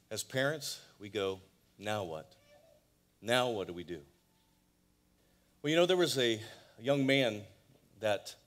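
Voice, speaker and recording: A middle-aged man preaching from the pulpit at a mid-range pitch. He tells his story dramatically, his voice swinging from hushed and low to loud and high. He sounds like a church pastor addressing his congregation. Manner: dramatic storyteller, voice rising and falling widely. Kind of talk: sermon with storytelling. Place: church sanctuary.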